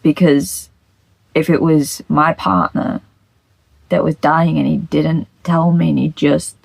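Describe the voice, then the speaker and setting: A woman reading confession posts aloud and reacting bluntly, with frequent swearing and soft, half-whispered asides. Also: low-pitched, fairly even intonation, takes it slowly, gravelly, husky, dry recording, low-quality recording. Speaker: reddit story reader.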